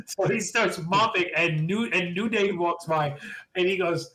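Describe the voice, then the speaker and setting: A man co-hosting a podcast, excitedly retelling a wrestling show and acting out quotes with lots of laughter. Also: high voice, measured pace. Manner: excitable storyteller, laughs often, acts out quotes. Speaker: podcast co-host. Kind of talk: casual wrestling recap chat.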